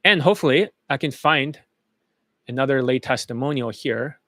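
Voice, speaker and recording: A man's voice: medium pitch, normal speed, pushed and bright, dry recording. A man coaching students in dating, talking bluntly and profanely over testimonial clips in a loose, rambling way.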